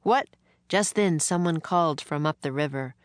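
A woman narrating a children's storybook aloud in a gentle read-aloud manner. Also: deep voice, normal speed, clear, resonant tone, no room sound. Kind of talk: storybook reading.

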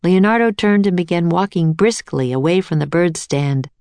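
A woman narrating a children's chapter book in clear, even storytelling. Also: on the low side, moderate pace, dry recording.

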